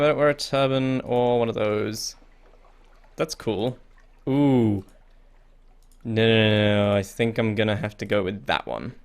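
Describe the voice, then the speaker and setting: Young man reading game text aloud. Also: on the low side. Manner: chatty, reads on-screen text aloud with quick reactions. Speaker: gaming video host. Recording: faint game music behind.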